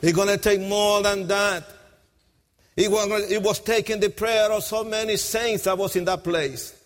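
A man giving an emotional testimony sermon, impassioned, swinging between hushed and shouted lines, with nonstandard grammar. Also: sits high, fairly even intonation, unhurried. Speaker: preacher giving his testimony. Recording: long hall reverb.

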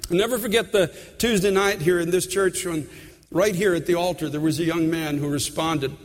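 High-voiced preaching man, church reverb. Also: fairly even intonation, moderate pace. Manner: impassioned preaching, rising in pitch and force. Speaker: pastor. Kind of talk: sermon. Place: large church sanctuary.

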